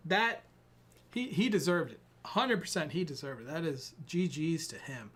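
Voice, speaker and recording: Young male streamer, tired, chatty and self-mocking; lively, high-pitched voice. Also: moderate pace, breathy edge. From Ireland. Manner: rambling, self-deprecating, talks to chat while fiddling with gear. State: tired and sweating. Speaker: sim racing streamer. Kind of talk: casual live-stream chat.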